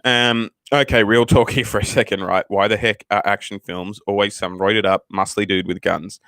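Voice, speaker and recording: Low-voiced Australian man, swearing storyteller. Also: moderate pace, few pauses, no echo. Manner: heavy swearing, animated and rambling. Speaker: channel host, new father. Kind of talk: casual storytelling to camera.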